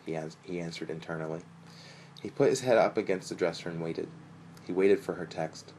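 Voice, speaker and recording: Deep gravelly male story narrator. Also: steady tone, a little fast, darkish tone, a little hiss or hum, low-quality recording. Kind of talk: story reading.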